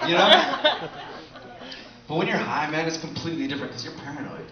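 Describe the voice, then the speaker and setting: High-voiced male stand-up comic. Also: expressive, fast. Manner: loose, conversational, profane, laughing often. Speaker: stand-up comedian. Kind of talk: live stand-up set. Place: comedy show at a bar venue. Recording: echoey room, distant mic, dull sound, audience laughter. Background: audience laughter.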